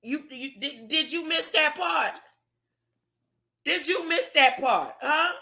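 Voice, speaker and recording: A woman preaching alone from scripture in a casual, animated way, throwing out rhetorical questions as she reads. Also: high voice, slow pace. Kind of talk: informal solo Bible teaching.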